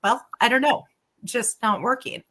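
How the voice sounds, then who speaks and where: Speaking at normal speed in a slightly high voice, a middle-aged doctor and former patient shares her personal story as a guest in an interview. She's candid and lively, acting out quoted dialogue as she goes.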